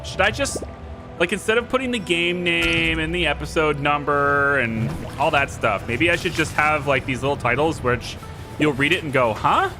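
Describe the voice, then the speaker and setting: Over game music, a man streams a game in casual let's-play style, chatting and joking as he thinks aloud through his moves. His voice is on the high side, at a moderate pace.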